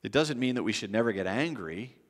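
A pastor delivers his sermon in a relaxed, conversational way, often restarting his sentences. His voice sits on the lower side. The sound carries a long reverb from a church sanctuary. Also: a little fast. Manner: conversational preaching with frequent restarts and acted quotes.

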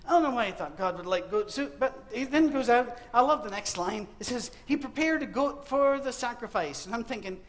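A man's voice: very high voice, animated, a little fast, hardly any pauses. A man giving a humorous sermon, telling a Bible story as comic stories and acting out the voices. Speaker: preacher. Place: university auditorium.

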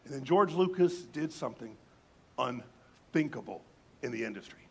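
A middle-aged man preaching a sermon, telling a story with lively acted-out voices and dropping to soft, low emphasis on key words. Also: moderate pace, vocal fry, husky. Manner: animated storyteller, acts out voices in anecdotes. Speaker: pastor.

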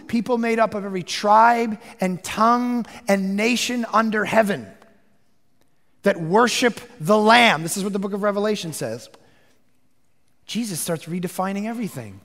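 Male pastor, sermon delivery, gravelly high voice, hush-to-shout swings, long hall reverb. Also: normal speed. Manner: animated preaching, swings from hushed to shouting.

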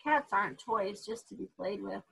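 A woman's voice: medium pitch, moderate pace, creaky, fairly bright tone, a little hiss or hum, poor audio. A woman voicing a young boy who talks frankly and impatiently. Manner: frank, scolding. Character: blunt, impatient foreign boy.

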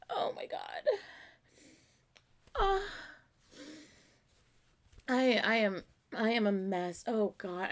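A woman reacting to a music video in casual commentary, excitable and gushing, swearing often. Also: sits high, creaky.

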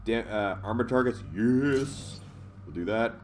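A man's voice: medium pitch, measured pace, a little hiss or hum. A man giving casual gameplay commentary, rambling, swearing and laughing often, reading menu options aloud. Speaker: let's play host.

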